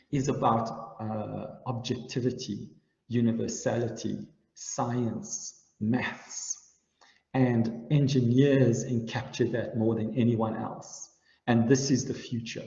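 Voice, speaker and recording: A man's voice: medium pitch, steady tone, slow, creaky, warm tone. A man giving a university lecture, explaining ideas step by step and often checking in with his listeners with "right?". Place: lecture hall. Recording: echoey hall, dull lo-fi sound.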